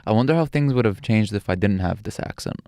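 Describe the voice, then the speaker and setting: A young man with an Arabic accent, chiming in on a casual podcast. His voice is very deep and smooth, and the sound is dry and close. He drops in short, wry asides. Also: animated, fast talker, mellow, dry recording. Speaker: podcast co-host.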